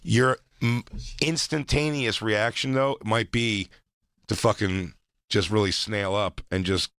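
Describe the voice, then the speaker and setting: A man with a fairly low voice trading dry, profane jokes on a comedy podcast. His delivery is wry and deadpan. The sound is close and dry. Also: slow pace, dry recording. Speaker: podcast co-host. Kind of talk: casual comedic chat.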